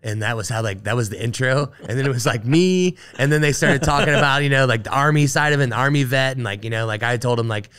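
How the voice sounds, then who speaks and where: A man's voice: mid-range voice, quick pace, few pauses, clean tone. Male podcast guest, conversational storyteller, medium voice, loose and filler-heavy. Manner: animated, full of fillers like "like" and "you know". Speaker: podcast guest, Army veteran. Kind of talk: casual storytelling interview.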